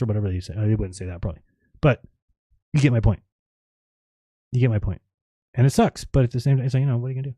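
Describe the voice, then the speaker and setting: A man rants on his live stream at an ordinary pitch, rambling and sarcastic, and he slips into mocking quotes of others. His voice is close and dry, with no room sound. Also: fast talker, long pauses, warm tone, dry recording. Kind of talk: casual ranting monologue.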